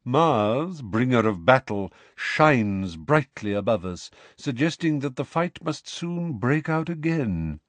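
A man voicing a calm, aloof male centaur teacher who speaks in a measured, quietly disdainful way. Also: mid-range voice, no echo.

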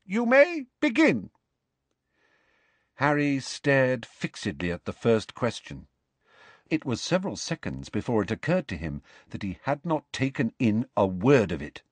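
A man reading a novel aloud as narrator, steady and expressive. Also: on the low side, normal speed, breathy edge, no room sound. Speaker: audiobook narrator. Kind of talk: scripted narration.

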